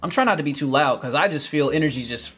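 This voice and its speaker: Upbeat gardening livestream host. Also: male voice, on the high side, quick pace, faint music behind. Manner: upbeat, energetic, laughs often, calls viewers family. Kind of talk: casual livestream chat reading viewer comments.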